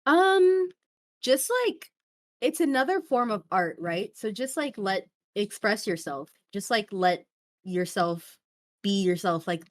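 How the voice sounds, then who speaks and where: A young woman streamer chatting as an interview guest, talking in animated bursts that swing high and low, with many fillers. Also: no echo, studio quality. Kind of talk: casual interview chat.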